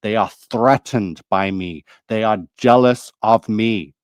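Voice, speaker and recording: A man speaks in a low voice, heated and accusing, going over the same points again and again. The recording is dry and close, with no room sound at all. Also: slow, smooth, no echo. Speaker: video creator. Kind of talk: angry monologue to camera.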